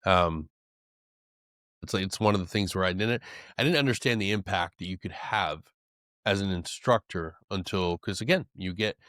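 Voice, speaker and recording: A man hosting a podcast, talking in a casual, profane, animated way. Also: sits low, moderate pace, dry recording, studio quality. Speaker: podcast host. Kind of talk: casual conversation.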